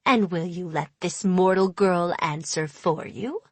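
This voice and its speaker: A woman's voice: lowish voice, a little slow, no echo. A woman voicing an ancient, sly female hag in an audiobook, speaking in a purring, hissing whisper. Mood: cold. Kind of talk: audiobook character voice.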